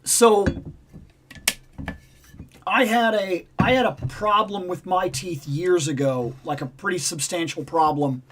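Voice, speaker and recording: Chatty man with a fairly high voice. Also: takes it slowly, fairly bright tone, a little hiss or hum. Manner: rambling, repeats himself, acts out dialogue. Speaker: livestream host. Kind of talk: casual storytelling chat.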